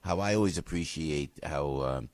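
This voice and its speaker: A middle-aged man hosting a radio interview, effusive and animated as he questions his guest. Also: rumbling low, moderate pace, dry recording. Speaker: radio host.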